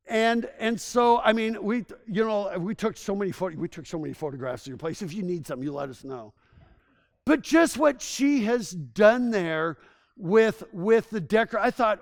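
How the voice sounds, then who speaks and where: A man's voice: high voice, very animated, normal speed, long pauses. A man giving a public presentation to a town as a tourism consultant, telling stories in an enthusiastic, conversational way and often restarting his sentences.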